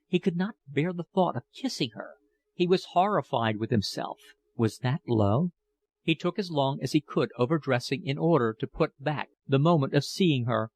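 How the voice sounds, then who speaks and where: A man narrating a novel as an audiobook in a measured, expressive reading. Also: medium pitch, no echo.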